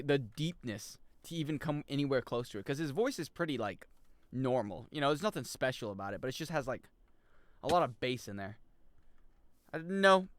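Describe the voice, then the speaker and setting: A man with a medium-pitched voice streams a video game, joking and chatting with viewers as he plays. Excitable and jokey, he reacts loudly and reads the chat aloud, all captured in a dry recording.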